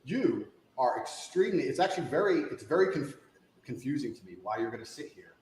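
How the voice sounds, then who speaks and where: A man's voice: mid-range voice, big pitch swings, a little fast, darkish tone, reverberant, low-quality recording. A man answering interview questions in a combative, insistent way, repeating his points for emphasis. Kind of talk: heated interview exchange.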